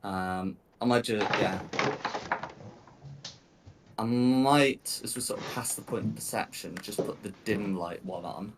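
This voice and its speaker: A man narrating a tabletop game as game master, often pausing and restarting his sentences. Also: lowish voice, noisy background. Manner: hesitant, many ums and restarts.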